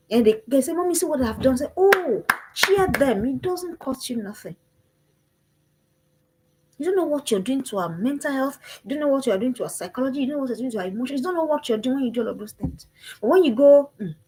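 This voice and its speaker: A woman's voice: a little high, darkish tone, slightly rough, low-quality recording. A woman gives an impassioned motivational talk to parents. She speaks emphatically and repeats her calls to action.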